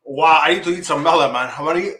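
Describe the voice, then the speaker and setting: A man's voice: on the high side, fast talker, bright, forceful tone, roomy sound. A man hosting a livestream show, teary from spicy food, exclaiming, swearing and groaning as he talks to viewers. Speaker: host.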